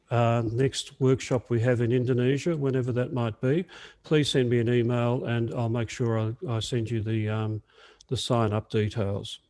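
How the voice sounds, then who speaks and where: A man's voice: mid-range voice, mellow. An Australian man presenting in a webinar over a video call, chatty and hesitant with many fillers. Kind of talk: casual webinar talk.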